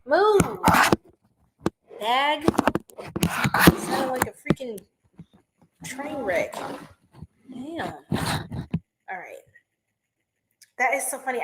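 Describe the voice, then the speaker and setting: A woman's voice: high voice, very animated, slow, pauses often, bright, forceful tone, low-quality recording. A woman hosting a casual livestream card reading, chatty and full of fillers, talking to viewers into a phone. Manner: chatty, many fillers, addresses viewers as y'all. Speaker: tarot reader, livestream host.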